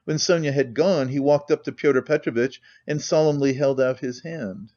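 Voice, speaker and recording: A man's voice: medium pitch, moderate pace, dark tone, lo-fi sound. A man narrating a classic novel as an audiobook reader, telling the story steadily. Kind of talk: scripted narration.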